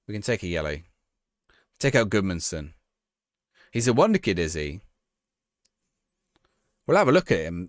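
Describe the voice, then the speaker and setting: Man, game streamer, chatty live commentary, low voice, very expressive, dry close sound. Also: no echo. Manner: chatty, reacts to the game and answers chat.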